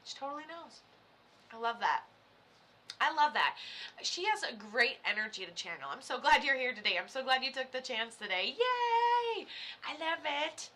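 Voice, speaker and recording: A woman giving live psychic readings on a stream, chatty and excitable, full of fillers and sudden loud bursts. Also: high-pitched, moderate pace.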